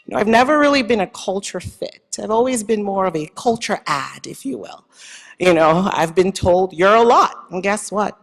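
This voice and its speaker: A woman's voice: mid-range voice, moderate pace, gravelly. A woman from Nigeria with a Nigerian accent, giving a heartfelt award acceptance speech with faith and self-deprecating humor. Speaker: award honoree. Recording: long hall reverb.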